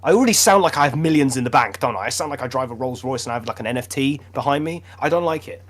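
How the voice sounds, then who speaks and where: A man's voice: medium pitch, expressive, racing. A young man with a British accent, co-hosting a podcast in casual, laughing banter with mock outrage. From Britain. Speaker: podcast co-host.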